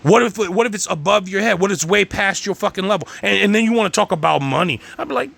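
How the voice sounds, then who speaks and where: Gravelly, high-voiced man ranting. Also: animated, quick pace, few pauses, a bit bright. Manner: heated, rambling, swears constantly. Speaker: channel host. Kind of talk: profane rant monologue.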